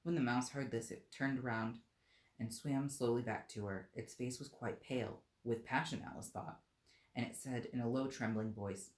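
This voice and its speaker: Very low-voiced woman reading aloud. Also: fairly even intonation, a little mellow. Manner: unhurried, self-deprecating asides. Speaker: streamer reading a book aloud. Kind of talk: storybook read-aloud on a live stream. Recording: roomy echo.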